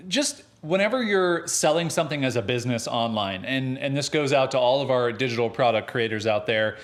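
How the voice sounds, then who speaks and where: A young adult man co-hosting a podcast, chatting casually and ranting with emphatic humor. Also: medium pitch. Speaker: podcast co-host. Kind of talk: casual chat.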